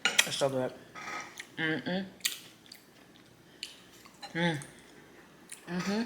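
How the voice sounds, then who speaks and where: A woman casually chatting to viewers between bites, murmuring softly as she eats at home. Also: sits low, extremely slow, long pauses, a little hiss or hum. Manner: talks between bites with soft murmured mm sounds. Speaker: mukbang vlogger. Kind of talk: casual chat while eating. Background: faint lawn mower and clinking cutlery.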